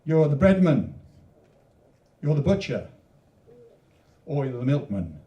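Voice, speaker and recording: A man's voice: fairly low pitch, lively intonation, moderate pace, long pauses, dark tone. A man reading his own poems at a literature event, with rambling, joking asides between poems and a rhythmic, emphatic recitation. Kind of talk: poetry reading with chatty introductions. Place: literature event venue, indoors. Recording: echoey room recording from a distance.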